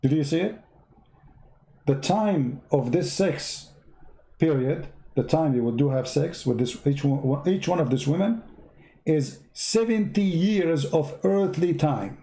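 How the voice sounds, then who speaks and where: Arabic accented guy, sarcastic commentary, bit high voice, mellow dark tone. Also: animated, unhurried, creaky. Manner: sarcastic, broken grammar, repetitive counting. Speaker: host. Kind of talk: mocking religious commentary.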